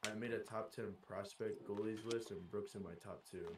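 A man co-commentating a hockey game in relaxed, wry casual chat. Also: lowish voice, normal speed, slight background noise.

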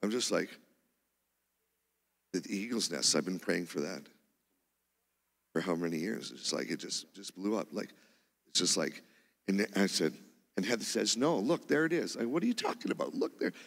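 A man preaching, telling a testimony story in an animated way with loud bursts of exclamation. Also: sits low, normal speed, creaky, long pauses. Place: church sanctuary. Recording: reverberant church hall.

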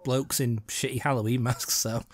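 A man's voice: medium pitch, flat delivery, moderate pace. A man co-hosting a casual movie commentary, playful and self-mocking. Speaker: podcast co-host.

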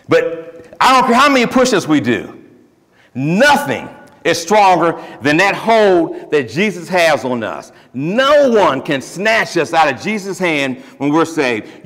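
A man preaching a sermon as pastor, emphatic and lively with joking asides, then leading a closing prayer. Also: high voice. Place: church sanctuary. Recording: long reverb of a church hall.

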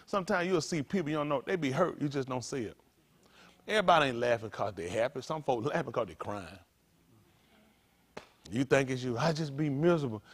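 A man's voice: mid-range voice, brisk, pauses often, breathy edge. A man preaching a casual, conversational sermon as pastor, colloquial and full of rhetorical questions.

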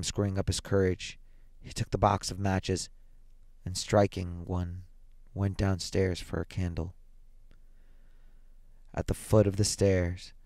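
A man reading a classic horror short story aloud as narrator, measured and dramatic, with deliberate pauses. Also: low-pitched, darkish tone, no echo.

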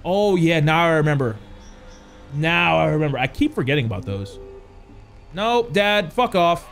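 A man's voice: fairly high pitch, lively intonation, normal speed, vocal fry, a bit bright, soft background music. A young man playing a horror game, jumpy and swearing as he talks to his chat. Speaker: gaming youtuber. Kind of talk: horror game let's play commentary.

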